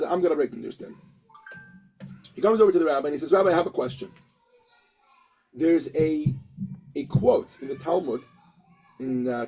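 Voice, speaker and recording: Male teacher with a high, husky voice; lively storyteller who acts out each character. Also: poor audio. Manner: animated storyteller acting out characters, frequent restarts. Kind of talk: storytelling lesson.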